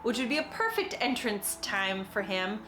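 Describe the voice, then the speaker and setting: A woman's voice: medium pitch, animated, moderate pace, fairly bright tone, a little hiss or hum. Chatty woman teaching, echoey room. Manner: chatty and explanatory, with frequent little laughs and acted-out quotes. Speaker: acting teacher explaining a monologue. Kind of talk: casual spoken tutorial.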